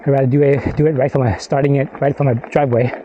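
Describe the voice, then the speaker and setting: A man's voice: mid-range voice, fairly even intonation, quick pace, dull audio. A man vlogging as he rides a mountain bike outdoors on a rocky trail, out of breath from the climb, rambling and swearing under his breath. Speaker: mountain biker filming his ride. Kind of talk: casual ride vlog talk. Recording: clear wind and rattle noise.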